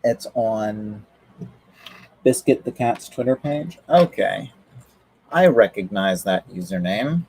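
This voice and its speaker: A man's voice: on the low side, expressive, slow, long pauses, darkish tone, breathy edge, low-quality recording. A man chatting casually on a livestream, rambling with lots of fillers and restarts. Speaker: streamer.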